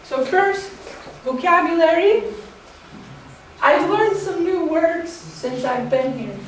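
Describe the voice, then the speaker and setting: An American woman teaching English, giving a slow, deliberate classroom presentation and laughing lightly between points. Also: extremely high pitch, lively intonation, heavy reverb, far from the mic, a little hiss or hum, poor audio. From United States.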